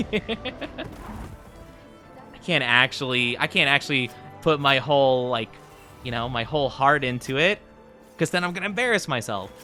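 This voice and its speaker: Bright-voiced young man rambling on stream. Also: mid-range voice. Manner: rambling, self-deprecating, lots of fillers and restarts. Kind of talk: casual gaming stream chat.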